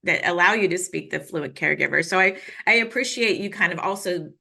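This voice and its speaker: A woman hosting an interview, affirming her guest and talking quickly. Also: on the low side, vocal fry, sharp tone. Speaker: interview host. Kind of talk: conversational interview.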